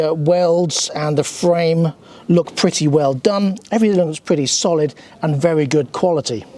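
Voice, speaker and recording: British guy doing a bike review, slightly high voice, dry jokes, bit of um here and there. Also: a little mellow. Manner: dry humour, chatty with filler ums. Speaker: motorcycle reviewer and channel host. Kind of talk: scripted review walkthrough.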